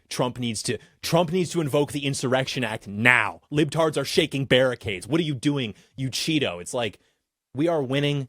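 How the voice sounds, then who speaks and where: A man's voice: fairly high pitch, no echo, studio quality. A male host delivering a political commentary monologue in a combative, sarcastic manner.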